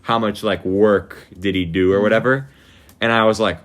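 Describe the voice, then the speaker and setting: A man's voice: fairly low pitch, steady tone, fairly quick. A teenage boy hosting a casual chat with school friends, telling rambling stories with swearing and mimicked voices. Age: teens. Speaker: podcast host.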